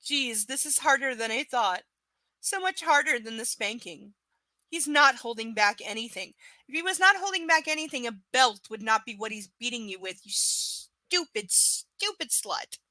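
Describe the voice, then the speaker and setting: A woman's voice: fairly high pitch, expressive, moderate pace, pushed and bright, dry recording. A woman reading a novel aloud on a livestream and breaking off into sarcastic, profane, exasperated rants about the characters. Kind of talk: live book reading with ranting commentary.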